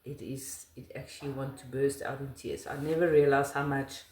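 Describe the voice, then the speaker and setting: A woman's voice: very deep voice, steady tone, moderate pace, darkish tone, reverberant, a little hiss or hum. A middle-aged South African woman, her first language Afrikaans, with an Afrikaans accent, talking in a casual interview in an emphatic, laughing way.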